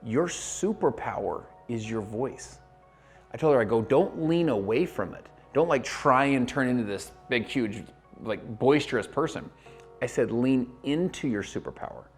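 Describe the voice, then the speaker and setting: A high-energy network marketing coach speaks straight to the camera in a motivational video, his mid-pitched voice moving quickly. He performs the voices of the people in his stories while faint music plays beneath him.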